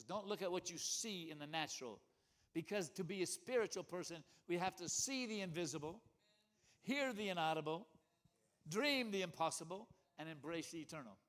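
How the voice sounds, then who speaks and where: A man preaching a sermon, swinging from loud emphasis to hushed near-whispers, with rhythmic catchphrases and repeated calls of "come on.". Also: a little high.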